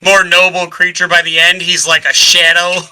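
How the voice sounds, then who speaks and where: A man with a high, strikingly bright voice chats as a podcast co-host. He is animated and laughs readily, dropping casual swears as he talks about a book. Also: normal speed, poor audio. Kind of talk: casual book-club chat.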